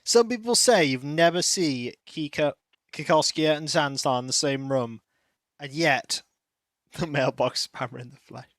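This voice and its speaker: Slow, chatty male game streamer. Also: on the high side, dry recording. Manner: chatty, rambling, greets chat by name, coos softly to his cat. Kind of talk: casual stream chat. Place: warm room at home.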